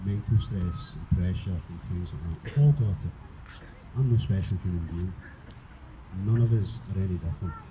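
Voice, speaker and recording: A man giving an impassioned speech at a public rally, emotional and forceful, swearing now and then. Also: on the low side. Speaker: rally speaker. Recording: muffled, with background noise.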